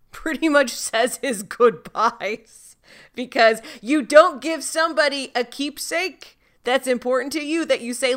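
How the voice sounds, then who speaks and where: A woman co-hosts a casual recap podcast, talking through the episode in a chatty, joking way. Her voice is bright and smooth, with a clear, polished tone. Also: sits high. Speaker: podcast co-host.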